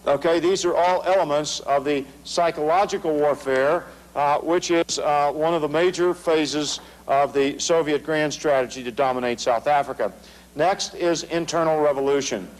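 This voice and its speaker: A man's voice: fairly high pitch, moderate pace, poor audio. A middle-aged American man giving a political lecture to a large audience, emphatic and sarcastic, driving points home with repeated phrases. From United States. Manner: emphatic, sarcastic, rhetorical repetition. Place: large hall before an audience.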